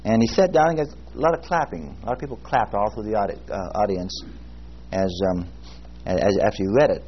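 Earnest halting man teaching a Bible class. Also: fairly low pitch. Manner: earnest, halting, many fillers and restarts. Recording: muffled lo-fi recording with faint hiss.

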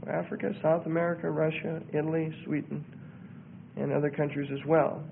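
High-voiced preacher on tinny audio. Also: male voice, level tone, fairly quick, gravelly, husky. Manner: emphatic, repeats words for effect. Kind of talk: sermon-style teaching on a religious group.

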